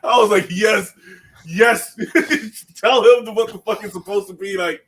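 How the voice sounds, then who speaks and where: A man's voice: high-pitched, fairly even intonation, normal speed, fairly bright tone, slightly rough. A man co-hosting a movie reaction podcast, impatient, laughing and swearing heavily. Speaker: podcast co-host. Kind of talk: casual movie reaction chat.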